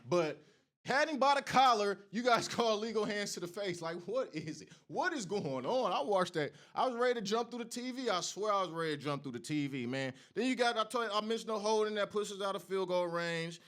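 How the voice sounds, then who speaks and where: A man's voice: high-pitched, expressive, fairly quick, a bit bright. A man hosting a sports show, delivering a heated, profane college football rant that trash-talks rival fans. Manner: Oregon fan taunting rival fans.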